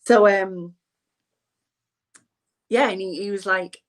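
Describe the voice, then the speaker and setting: A woman's voice: medium pitch, steady tone, takes it slowly. A middle-aged woman in an interview, telling a personal story in an earnest, rambling way and often repeating herself.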